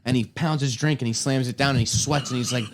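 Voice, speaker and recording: Deadpan teasing man on a podcast. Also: medium pitch, quick pace, noisy background. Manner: deadpan teasing, mock-earnest praise. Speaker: podcast co-host. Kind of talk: casual comedy podcast banter.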